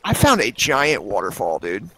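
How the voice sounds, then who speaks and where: A man's voice: medium pitch, huge pitch swings, normal speed, pushed and bright. A young man playing along in a casual gaming session, swearing freely and talking through his own struggles. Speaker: co-player. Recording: noisy recording.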